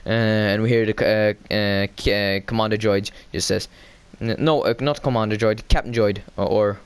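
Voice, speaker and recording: A man casually recapping a show episode. He hesitates a lot, fills pauses with "uh" and "um", corrects himself, and gets excitable as he retells the scenes. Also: on the low side, smooth, dry recording. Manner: hesitant, heavy fillers and self-corrections.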